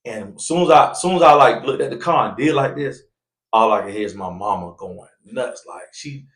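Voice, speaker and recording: Podcast storyteller, man, mid-pitched, animated, does loud voices for the people in his story, echoey room. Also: fairly quick. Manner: animated, acts out quoted voices loudly.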